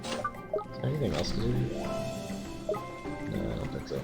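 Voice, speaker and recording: A man's voice: extremely low pitch, wildly swooping pitch, normal speed, creaky. A man giving wry, chatty gameplay commentary as a let's play host, over game music.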